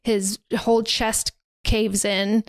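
A woman's voice: mid-range voice, little pitch movement, slow, dry recording. Chatty woman podcaster, dry close sound. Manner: rambling, filler-heavy storytelling with lots of "like" and "um". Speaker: podcast co-host. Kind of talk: casual chat recapping a horror film. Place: podcast recording setup.

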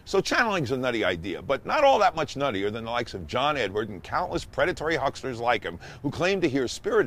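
A man hosting a show, telling a story as a monologue in a wry, sarcastic way that rises to excited emphasis. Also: mid-range voice. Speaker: host and storyteller.

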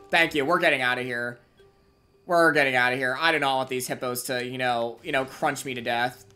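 Low-voiced woman streaming a game. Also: fairly quick, soft background music. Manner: excitable, gamer slang, chats with viewers. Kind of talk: live gameplay streaming chat.

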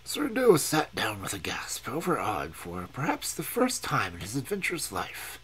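A man reading a story aloud, narrating dramatically with wide swings and a husky tone. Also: mid-range voice, huge pitch swings, normal speed, sharp tone, a little hiss or hum. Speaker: reader. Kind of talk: audiobook reading, live stream.

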